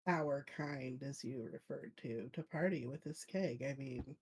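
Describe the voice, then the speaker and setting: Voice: medium pitch, a little slow, slight background noise. A tabletop player who voices their character with teasing, prodding questions. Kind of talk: casual tabletop role-play.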